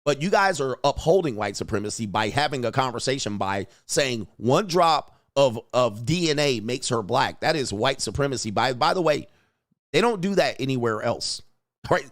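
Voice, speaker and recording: A man's voice: mid-range voice, big pitch swings, normal speed, no room sound, clean studio sound. A man hosting a livestream as a coach, talking in a blunt, emphatic, profane way and reading out chat.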